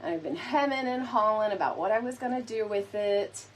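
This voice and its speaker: A woman's voice: fairly high pitch, a little fast. Chatty woman hosting a craft stream. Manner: chatty, playful, addresses viewers often. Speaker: DIY decor host. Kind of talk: casual live crafting chat.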